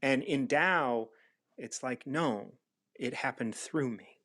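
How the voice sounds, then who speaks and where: A man's voice: mid-range voice, slow pace, fairly bright tone. A man hosting a casual spiritual discussion, talking thoughtfully with frequent restarts. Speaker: recovery mentor and host.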